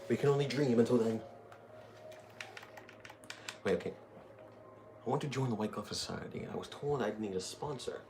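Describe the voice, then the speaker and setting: A man's voice: mid-range voice, moderate pace, vocal fry, long pauses. A young man giving casual, rambling, joking commentary while playing a video game. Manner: jokey, rambling, thinking aloud. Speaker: gaming streamer. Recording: noisy game capture behind.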